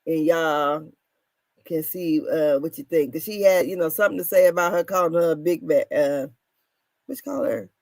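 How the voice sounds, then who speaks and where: A woman in her thirties casually recapping reality TV drama, animated and laughing, her voice swinging between loud and soft. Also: sits low, normal speed, no echo. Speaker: commentary show host.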